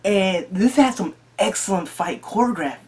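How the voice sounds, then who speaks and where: An eager movie reviewer chatting straight to the audience in a casual vlog. The delivery is excitable, with frequent restarts and doubled words. Pitch sits in a middle range. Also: moderate pace. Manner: excitable, repeats and restarts phrases.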